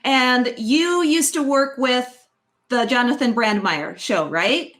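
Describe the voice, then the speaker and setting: A woman hosting a casual radio interview, friendly and quick to laugh. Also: on the high side, a bit bright. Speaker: radio show host.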